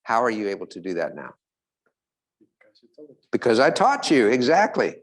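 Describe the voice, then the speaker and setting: Animated man giving a motivational talk. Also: mid-range voice, normal speed. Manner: animated, acts out little characters, laughs often. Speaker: motivational speaker. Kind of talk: live motivational talk to an audience.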